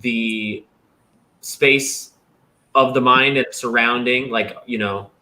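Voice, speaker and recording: Bright-voiced man explaining animatedly. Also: medium pitch. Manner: animated, explains with vocal demonstrations. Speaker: host. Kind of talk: casual livestream chat.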